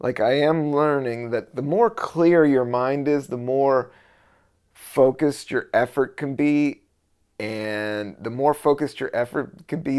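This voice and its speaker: A man's voice: mid-range voice, darkish tone. A middle-aged man from the Virginia and D.C. area, hosting his show as a stand-up comic in a loose, profane, rambling monologue. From Virginia and Washington D.C. area, US. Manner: loose, profane, rambling, drifting between topics. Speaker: podcast host and stand-up comedian.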